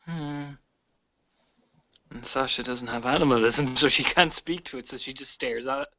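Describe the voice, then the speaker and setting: A man describes his character's moves in a tabletop role-play game, hedging with fillers and soft laughs. His voice is bright and forceful, at an ordinary pitch. The recording sounds dull and lo-fi. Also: normal speed, a little hiss or hum. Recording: dull lo-fi audio.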